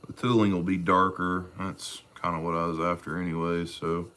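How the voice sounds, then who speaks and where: A man working leather during a livestream, talking in a low-key, matter-of-fact way about his work. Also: level tone, normal speed, a bit bright, a little hiss or hum. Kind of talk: casual workshop livestream.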